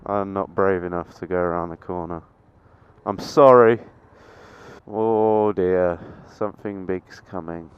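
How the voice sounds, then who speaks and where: A nineteen-year-old man, chatting to the camera while riding a motorbike in traffic. He swears a lot, mocks himself and breaks into excited yelps. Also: low voice, measured pace, clear, resonant tone. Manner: sweary, self-mocking, sudden excited yelps. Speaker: motovlogger. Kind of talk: casual running commentary while riding. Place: on a motorbike in town traffic, outdoors. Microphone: helmet-mounted action camera. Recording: dull lo-fi sound with loud wind and engine noise. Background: wind, traffic and engine noise.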